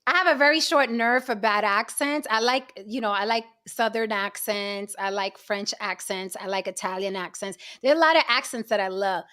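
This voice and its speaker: A woman's voice: mid-range voice, moderate pace, few pauses, pushed and bright. A woman hosting a casual livestream chat show, blunt and profane, talking straight to her chat.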